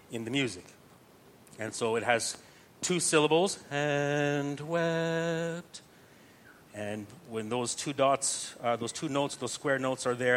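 A man's voice: medium pitch, fairly bright tone, slight background noise. A man patiently teaching how to chant a psalm, step by step, using plain comparisons. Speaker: chant instructor.

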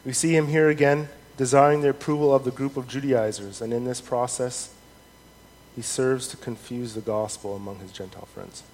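A man preaching a sermon in an earnest, measured way, reading scripture aloud with rising emphasis. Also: mid-range voice, steady tone, a little mellow. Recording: long hall reverb, faint noise.

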